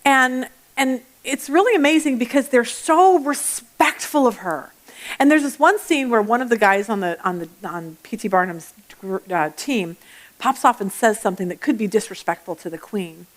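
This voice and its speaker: A woman teaching a Bible study lesson in a chatty, animated way, telling personal stories and often restarting her sentences. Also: fairly high pitch, normal speed. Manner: acts out everyday voices mid-talk.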